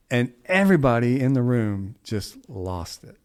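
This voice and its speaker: A man's voice: mid-range voice, big pitch swings, unhurried, hardly any pauses, a little mellow, clear, resonant tone. A middle-aged man co-hosting a podcast, telling a story in a casual, rambling way with restarts and folksy asides. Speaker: podcast co-host.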